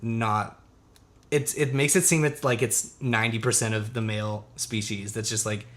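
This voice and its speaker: A man's voice: fairly low pitch, fairly even intonation, normal speed, a bit bright. A young man co-hosting a podcast in casual chat, rambling with lots of fillers, swearing and laughing often. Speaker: podcast co-host.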